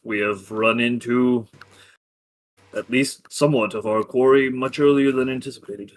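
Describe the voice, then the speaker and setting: A player speaking in character in a tabletop role-play session, measured and formal. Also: mid-range voice, steady tone.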